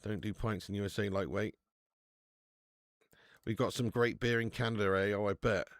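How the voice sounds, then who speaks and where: A man's voice: lowish voice, steady tone, normal speed, no echo, clean studio sound. A man with a British English accent hosting a live football watch-along, bantering, swearing and reading out viewer chat. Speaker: host.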